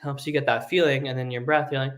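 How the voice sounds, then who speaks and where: A man's voice: mid-range voice, flat delivery, fast talker, a bit bright, a little hiss or hum. A young adult man teaching a live online singing lesson, explaining casually with lots of fillers and sung vocal demonstrations.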